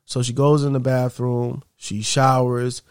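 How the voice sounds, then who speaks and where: Brief: male storyteller, mid pitch, casual conversational flow, dry close sound. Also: flat delivery, a little slow, smooth, no room sound. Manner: conversational, repeats "she's like".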